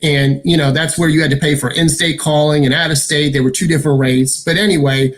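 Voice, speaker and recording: A man chatting as a guest, telling stories in a lively, rambling way. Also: fairly high pitch, brisk. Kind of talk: casual chat.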